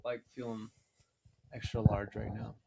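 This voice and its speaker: A man's voice: lowish voice, little pitch movement, measured pace, gravelly, mellow, slight background noise. A young man hosting a podcast in a casual chat, telling a story with lots of animation and frequent laughter. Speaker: podcast host.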